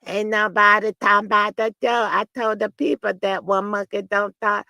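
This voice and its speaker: A woman hosting a live stream, reading viewer comments and talking back in a sassy, animated way, swinging from low mutters to loud outbursts. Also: normal speed, gravelly, no room sound. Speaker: reality TV commentary host.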